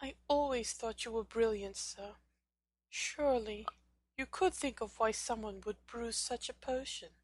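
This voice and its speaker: A woman doing a sad young witch, high bright voice, slow and pleading. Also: expressive, no echo. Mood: tearful. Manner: pleading, emotional. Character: grieving young witch, earnest and tearful. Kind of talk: fan fiction audiobook reading.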